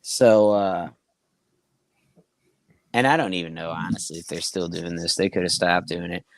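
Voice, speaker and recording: A man's voice: low-pitched, fairly even intonation, normal speed, dry recording. Young man, comedian, profane rambling anecdotes, dry close sound. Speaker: comedian, podcast co-host. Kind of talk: casual storytelling chat.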